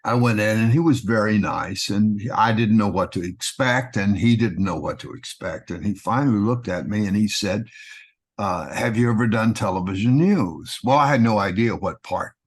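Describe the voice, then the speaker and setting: An older Texan man with a low voice tells stories from his acting days. He sounds animated and relaxed, and he sometimes slips into a polished broadcaster delivery. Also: moderate pace, slightly rough. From Texas. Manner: animated anecdotes with broadcaster-voice impressions. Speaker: actor guest. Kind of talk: casual storytelling.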